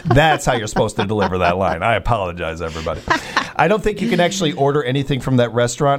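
A man's voice: mid-range voice, sing-song, fast talker. A man hosting a casual banter show, rambling and joking at his own expense, often restarting his sentences. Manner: rambling, self-mocking, stammering restarts. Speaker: show host.

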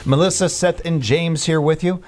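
Chatty Midwestern radio morning host. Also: male voice, on the high side, fairly even intonation, moderate pace, faint music behind. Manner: chatty, rambling, frequent restarts and fillers. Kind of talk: casual morning radio chat.

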